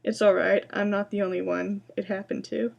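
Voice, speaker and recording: A woman voicing a gentle, old-fashioned young female ghost who speaks softly and politely. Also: medium pitch, level tone, moderate pace, vocal fry, muffled recording.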